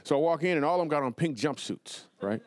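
A man doing stand-up comedy storytelling in a TV studio, animated and playful, with quick asides to the audience. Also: fairly high pitch, no echo. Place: television studio before a live audience.

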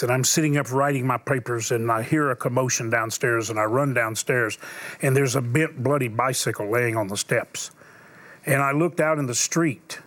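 An older man hosting a Christian talk show, telling a story in an earnest preaching manner and dropping to a hushed voice at emotional moments. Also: mid-range voice. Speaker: TV host and preacher.

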